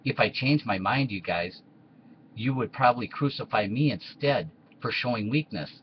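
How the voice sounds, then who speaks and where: A man's voice: mid-range voice, animated, normal speed, dull audio, slight background noise, close to an everyday voice. A man voicing Pontius Pilate as a blunt, vain Roman in a comedy skit. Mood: smug.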